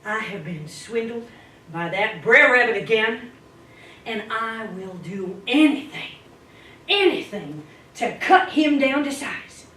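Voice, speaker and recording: A scheming male fox from a spoken folk tale, greedy and boastful, as a woman storyteller puts him on. He drawls with gleeful swoops in pitch. The voice is caught from a distance in an echoey room. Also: lively intonation, slow, sharp tone, heavily acted. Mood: bitter. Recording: echoey room, distant mic, faint hiss.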